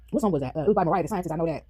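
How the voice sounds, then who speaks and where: Eating on camera, a woman chats casually with her viewers, calls them "y'all," and sings bits of songs, recorded on a phone. Her voice is on the low side, mellow and husky.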